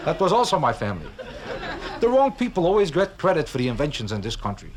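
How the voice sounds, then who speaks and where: A man's voice: a little high, huge pitch swings, fast talker, over a noisy crowd. Wry, kvetching New man on crackly vinyl. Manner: wry, kvetching, full of rhetorical questions. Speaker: stand-up comedian. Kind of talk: live stand-up routine. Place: stage at a live show. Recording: crackly old vinyl record with clicks.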